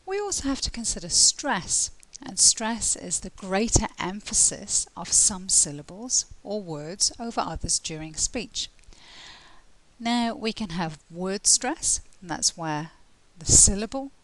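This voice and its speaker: An English woman tutoring pronunciation in an unhurried, careful way. She slows down to spell out her examples letter by letter, and her voice sits at an ordinary middle pitch. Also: animated, fairly bright tone, poor audio. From England. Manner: clear, deliberate teaching delivery, slowing down to spell out examples. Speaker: IELTS tutor. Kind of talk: pronunciation lesson.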